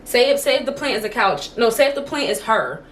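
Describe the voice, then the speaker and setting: Her voice is on the high side, brisk and lively in intonation, as this young woman chats to camera from home. She tells stories in a casual, chatty way stuffed with "like" fillers, and there's slight background noise.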